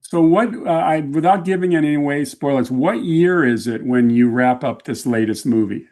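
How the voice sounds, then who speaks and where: A man's voice: on the high side, moderate pace, darkish tone. A man co-hosting a podcast, asking friendly curious questions in casual chat. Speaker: podcast co-host.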